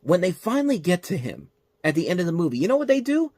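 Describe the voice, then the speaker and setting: A man hosting a movie review show, ranting in an exasperated, animated way with frequent restarts. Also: sits high, fast, no echo.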